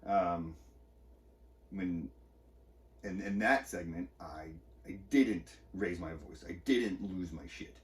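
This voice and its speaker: Speaking slowly with long pauses, a man with a low-pitched voice, distant from the mic, recounts an argument on his podcast. The personal monologue is candid, agitated, and profane.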